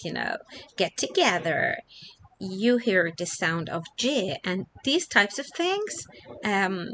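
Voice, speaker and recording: Woman English teacher, bright tone, unhurried, casual filler-heavy delivery. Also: mid-range voice, animated, slight background noise. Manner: chatty, repeats herself, many fillers.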